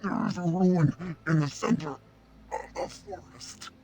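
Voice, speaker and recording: An actress voicing a cursed female elf who is turning into a werewolf, pleading through pain in a strained, gravelly voice. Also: fairly low pitch, unhurried, crowd noise. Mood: anguished pleading. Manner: pleading, anguished.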